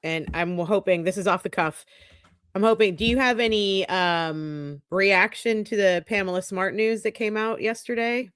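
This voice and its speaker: A woman's voice: medium pitch, moderate pace, fairly bright tone, clear, resonant tone, dry recording. A woman co-hosting a podcast in casual conversation, who puts questions to the guest and chimes in with frequent short agreements. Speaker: podcast co-host.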